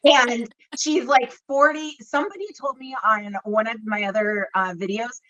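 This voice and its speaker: A woman in her forties, a tarot reader guesting on an interview, telling a story with excitement and frequent laughter. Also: on the high side, normal speed, muffled recording, a little hiss or hum. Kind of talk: casual interview chat.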